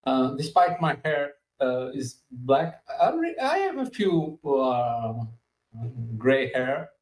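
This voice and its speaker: A man in his fifties hosting a podcast, talking in a halting way with many pauses and fillers. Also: medium pitch, very animated. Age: 50s. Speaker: podcast host. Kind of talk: casual podcast interview. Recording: echoey room, far from mic.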